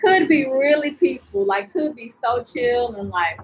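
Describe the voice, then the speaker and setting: Young adult woman, travel vlogger on a live stream: chatty and animated, a touch high-pitched, with light ambient noise. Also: normal speed, low-quality recording. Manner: chatty and animated, heavy on "like" and "you know"; reads and answers viewer comments. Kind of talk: casual live-stream chat.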